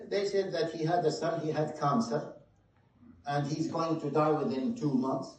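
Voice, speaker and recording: A man preaching a sermon, telling a story with passion, shifting between loud stresses and hushed moments. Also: a little high, normal speed, slight background noise. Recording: very echoey hall, mic at a distance.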